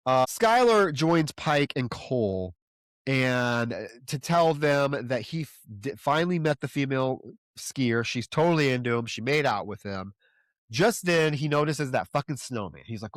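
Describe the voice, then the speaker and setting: A man's voice: mid-range voice, expressive, moderate pace, no echo. A man co-hosting a horror movie podcast, rambling through a plot recap and tossing off the characters' lines. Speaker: podcast co-host.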